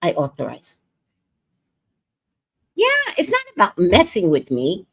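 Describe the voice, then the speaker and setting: Brash, animated woman livestream host. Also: on the low side, measured pace, husky. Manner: brash, profane, animated storytelling. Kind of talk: casual livestream chat. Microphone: streaming setup.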